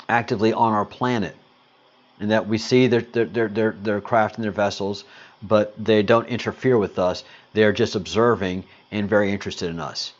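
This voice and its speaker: A man's voice: on the low side, dull audio. A man hosting a casual livestream, greeting viewers and answering chat comments in a rambling, hesitant way with lots of fillers. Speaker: livestream host.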